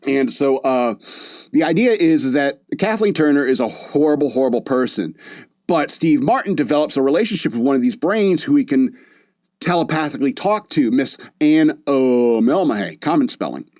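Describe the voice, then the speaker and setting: In this casual movie chat, a male podcast host rambles along with plenty of fillers and false starts. He speaks at a normal speed in a mid-range, darkish voice with lively intonation. No room sound is audible.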